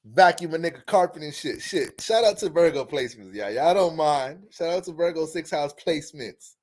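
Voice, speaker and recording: A man giving casual astrology commentary in an animated way, joking, swearing freely and laughing often. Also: a little high, normal speed.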